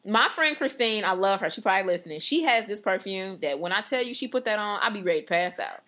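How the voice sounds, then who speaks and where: A woman in casual, animated chat, trailing off and restarting as she talks. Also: medium pitch, fast.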